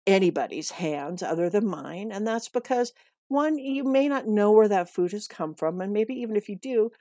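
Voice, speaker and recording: A middle-aged woman from the United States talks through her dog-walking advice in a chatty, earnest manner and circles back to repeat her points. Her voice sits at an ordinary middle pitch. It is recorded close and dry, with no room sound. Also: darkish tone, no echo. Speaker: dog walker giving pet tips. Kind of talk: casual advice talk.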